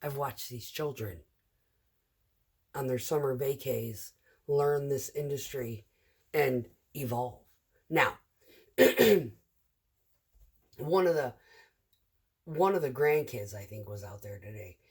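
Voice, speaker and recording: A woman's voice: a bass voice, slow pace, long pauses, a little mellow, slightly rough. A middle-aged woman who drives a concrete truck, telling rambling work stories in a casual, chatty vlog full of fillers.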